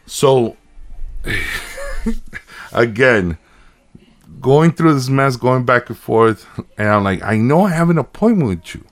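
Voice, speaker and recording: A man's voice: mid-range voice, animated, takes it slowly, long pauses. A man in his thirties, a podcast co-host, telling a story in casual chat, acting out both sides of a conversation and swearing when worked up.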